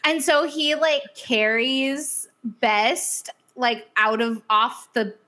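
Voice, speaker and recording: A woman's voice: fairly high pitch, extremely slow. A woman co-hosting a casual chat show, recapping a TV series with lots of laughs and fillers. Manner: animated, chatty, laughs often, many fillers. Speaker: podcast co-host.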